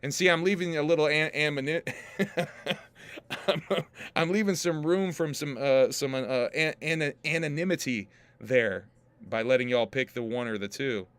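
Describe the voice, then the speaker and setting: A man's voice: a little high, moderate pace, fairly bright tone, clean tone, no room sound. A man hosting a casual livestream podcast, joking with his chat, laughing often and swearing freely. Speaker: podcast host and rapper.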